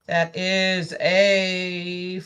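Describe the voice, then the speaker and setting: An eager tabletop player counts out rolls and damage aloud with plain enthusiasm. The voice is bright and forward. The delivery is unhurried and deliberate. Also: medium pitch, monotone, clean tone. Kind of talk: casual tabletop play.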